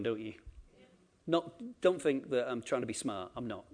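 A man preaching a sermon, acting out quotes and swinging between loud emphasis and quiet asides. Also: medium pitch, animated, moderate pace. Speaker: pastor.

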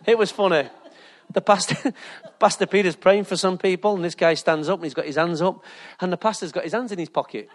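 Pastor, high voice, jokey storytelling sermon. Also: male voice, a little fast. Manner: jokey, animated storytelling with laughter. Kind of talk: lively sermon with anecdotes.

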